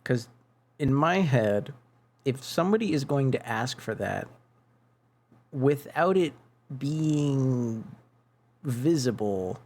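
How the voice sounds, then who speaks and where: A man's voice: mid-range voice, lively intonation, slow pace, pauses often, a little mellow. A male streamer in casual gaming chat, rambling and musing aloud to his viewers as he plays. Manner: rambling, muses aloud while chatting with viewers.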